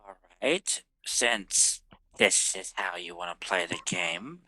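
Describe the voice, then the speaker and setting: A man's voice: low-pitched, takes it slowly, bright, forceful tone, no echo. A man playing a tabletop game who reports his dice rolls and makes dry, teasing remarks. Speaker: player.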